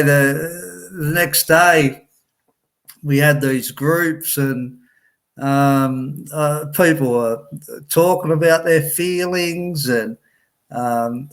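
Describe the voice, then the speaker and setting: Slow-talking man telling his story. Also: fairly high pitch. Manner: conversational storytelling, frequent restarts and laughs. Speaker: speaker sharing his life story. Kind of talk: personal testimony talk.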